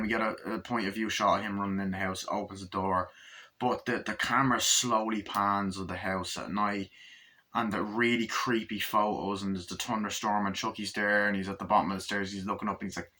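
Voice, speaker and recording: Guy ranting happily about a movie, swears a lot, kinda low voice but bright and punchy. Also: brisk. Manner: animated retelling with swearing and fillers. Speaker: movie reviewer. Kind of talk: casual movie review.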